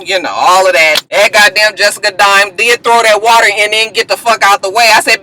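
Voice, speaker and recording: Bright-voiced woman vlogger, sassy and profane, lively show recaps, home setup. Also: medium pitch, brisk, hardly any pauses, low-quality recording. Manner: profane, sassy, animated gossip. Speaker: vlogger reviewing a reality show. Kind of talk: casual recap commentary.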